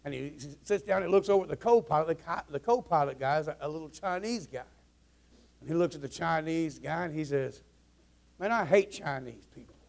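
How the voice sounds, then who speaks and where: Folksy preacher, male, high and gravelly, loose rambling delivery to his congregation. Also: brisk, a little mellow. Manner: folksy, rambling storyteller with restarts. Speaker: pastor. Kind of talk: joke-telling before a sermon. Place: church sanctuary.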